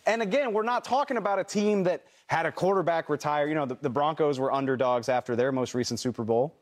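A man's voice: on the high side, fast talker. A man arguing his points as an analyst on a sports debate show, sardonic and argumentative.

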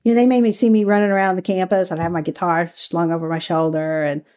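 Southern lady, lower voice, chatty and open, telling old undercover stories in an interview. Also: level tone, fast, a little mellow. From American South. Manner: candid, chatty, laughs easily. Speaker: former undercover FBI agent. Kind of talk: conversational interview storytelling.

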